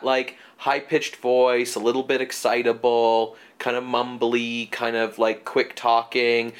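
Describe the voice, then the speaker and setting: A man co-hosting a casual movie podcast, talking in rambling stretches full of fillers and restarts. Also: medium pitch. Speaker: podcast co-host. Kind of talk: casual movie review chat.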